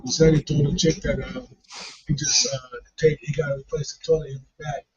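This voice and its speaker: A man's voice: on the high side, flat delivery, brisk. A man casually telling a profane, funny story and laughing along as he goes. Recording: dull lo-fi recording.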